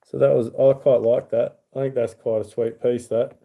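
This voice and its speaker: A man's voice: mid-range voice, flat delivery, normal speed, creaky, warm tone. A middle-aged Australian man hosting a casual livestream, rambling in a friendly way and reading viewer comments aloud. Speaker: YouTube channel host.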